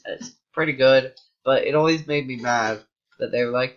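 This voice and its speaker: A man's voice: mid-range voice, normal speed, lo-fi sound. An American man giving casual, rambling commentary while playing a game. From United States. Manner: rambling, chatty tangents. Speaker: gaming YouTuber.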